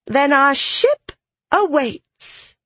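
A narrator voicing a gleeful, childlike young woman who captains a living tree ship, in a much higher, giggly voice for an audiobook. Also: very animated, extremely slow, bright, forceful tone, no echo, full character voice. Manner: high, giggly, maniacal laughter.

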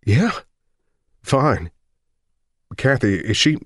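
A man's voice: medium pitch, big pitch swings, very slow, no echo, studio quality, pitched above the performer's own voice, exaggerated voice. A man reading an audiobook voices a desperate, bitter working-class husband who sounds tense and pleading.

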